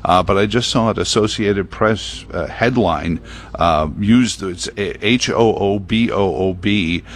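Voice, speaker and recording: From a broadcast booth at a prayer meeting venue, a radio host chats on his talk show, rambling, opinionated and full of fillers. His voice sits on the low side and unhurried, with a little hiss or hum in the audio.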